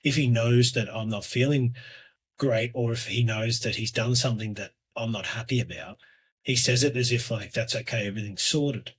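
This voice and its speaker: A man in his thirties hosting a solo podcast, talking in a hesitant, reflective way with lots of fillers and restarts, often trailing off quietly. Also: mid-range voice, steady tone, normal speed, husky. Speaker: podcast host.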